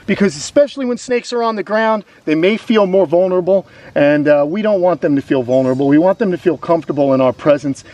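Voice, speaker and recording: A man's voice: sits high, quick pace, few pauses, darkish tone. A man hosting a casual educational vlog outdoors on a grassy lawn, explaining reptiles with chatty enthusiasm. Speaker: reptile sanctuary host.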